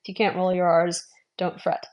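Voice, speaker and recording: A woman giving an online language lesson, modelling sounds slowly, repeating them and adding friendly, encouraging asides. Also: on the low side, flat delivery, a little mellow. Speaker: language teacher.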